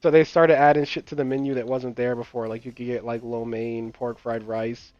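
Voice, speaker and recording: Recorded dry on a dull lo-fi mic with no echo and game music behind, a young man talks a little fast in a mid-range, level voice. He hosts a gaming channel and chats casually as he plays, rambling with fillers, swearing and laughing through stories.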